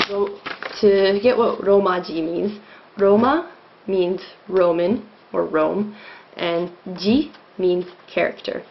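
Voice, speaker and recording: A woman's voice: mid-range voice, vocal fry, a little hiss or hum. A woman giving a casual video lesson, explaining with many ums and restarts, recorded as a dull lo-fi home video. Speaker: language teacher.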